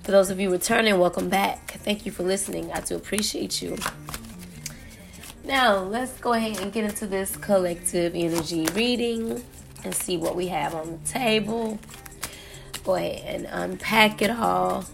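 A hoarse young woman who has lost her voice, chatting casually as a tarot podcast host and talking to her listeners directly. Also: medium pitch, normal speed, music in the background. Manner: chatty, addresses listeners with "okay?" and "y'all".

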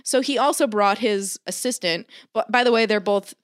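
Woman, casual podcast chat, lively storytelling, frequent swearing, dry close sound. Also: medium pitch, moderate pace, no echo. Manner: animated storyteller, swears a lot, acts out quotes. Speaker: podcast co-host.

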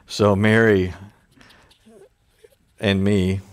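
A man's voice: lowish voice, level tone, very slow. A man preaching a conversational sermon, with informal asides and chuckles. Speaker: pastor.

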